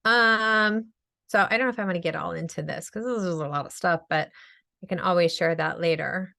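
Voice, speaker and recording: A middle-aged woman, a speech-language pathologist, giving an energetic webinar talk on a video call. She talks quickly and chattily with many fillers. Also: on the low side, vocal fry. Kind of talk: webinar presentation.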